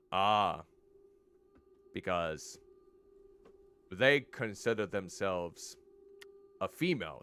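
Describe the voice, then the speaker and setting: A man's voice: fairly low pitch, a bit bright, slight background noise. A male streamer reading game text aloud and commenting, stumbling over pronunciations.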